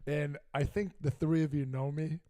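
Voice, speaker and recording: A man's voice: fairly high pitch, moderate pace. A middle-aged man co-hosting a casual sports talk show, telling a heated story with lots of asides. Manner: animated, heated retelling with frequent asides. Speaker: podcast co-host.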